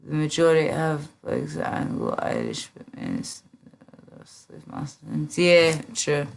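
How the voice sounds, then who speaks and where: Slow, drowsy rambling woman streamer. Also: sits low, wildly swooping pitch, vocal fry. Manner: rambling, many fillers and trailing off. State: drowsy, slurred. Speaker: livestreamer. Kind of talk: casual livestream chat.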